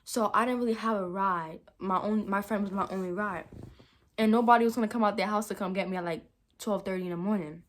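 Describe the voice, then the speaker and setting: With a fast, mid-range voice and slight background noise behind her, a young adult vlogger dramatically recounts a story directly to her viewers. She keeps it animated, leans hard on "like," and calls everyone "y'all."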